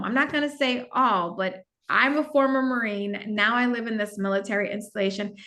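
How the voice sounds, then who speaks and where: A middle-aged woman, a podcast guest, telling a personal story in a candid, reflective way with some halting restarts. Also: medium pitch, a bit bright. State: gets emotional at times.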